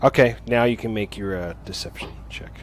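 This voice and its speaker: A man's voice: fairly low pitch, fairly quick, a little hiss or hum. A man narrating as game master of a tabletop game, laid-back, with fillers and easy laughs.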